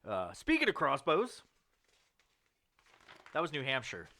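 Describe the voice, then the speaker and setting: A man's voice: huge pitch swings, unhurried, bright, forceful tone, no room sound, studio quality. A man co-hosting a podcast, reading news stories aloud in casual banter, laughing often and swearing freely. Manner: laughs often, swears freely, jumps into squeaky put-on voices. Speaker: podcast co-host.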